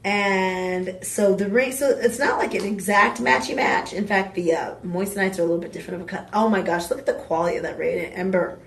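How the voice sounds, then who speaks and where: A woman hosting a live home shopping show, pitching jewelry in a chatty, exuberant way with playful asides. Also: a little fast, creaky, hardly any pauses. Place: TV shopping studio. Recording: roomy studio sound, mic at a distance.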